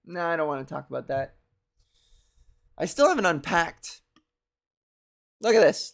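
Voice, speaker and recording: A woman's voice: on the low side, big pitch swings, a little slow, creaky. Woman, scratchy cartoony voice, young adult, profane, rambling monologue. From Canada. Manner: rambling, profane, self-deprecating. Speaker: comedy show host. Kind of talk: casual live-stream monologue.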